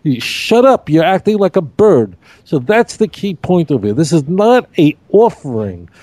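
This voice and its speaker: A middle-aged man, a rabbi, teaching scripture in an emphatic, animated way, repeating key phrases on a podcast. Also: on the high side, normal speed, no room sound. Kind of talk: podcast Bible discussion.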